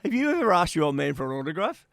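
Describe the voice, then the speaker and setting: A middle-aged Australian man tells stories in a podcast interview, acting out the people in them as he goes. His voice sits a little high. The sound is close and dry. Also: rapid-fire, vocal fry, dry recording. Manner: lively anecdote teller who acts out quoted voices. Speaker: interview guest, former player agent. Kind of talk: animated storytelling in a podcast interview.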